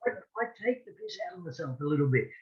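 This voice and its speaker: A man's voice: on the high side, very animated, rapid-fire, lo-fi sound. An Australian man, a boxing referee, chatting as a guest in a friendly, rambling way with many restarts and frequent "mate". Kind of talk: casual interview chat.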